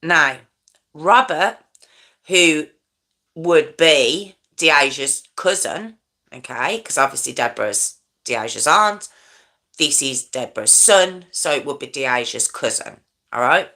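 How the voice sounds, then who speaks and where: A woman's voice: low voice, lively intonation, slow pace, sharp tone. A woman hosting a true crime show, telling a case in a casual, conversational way and often checking in with her listeners.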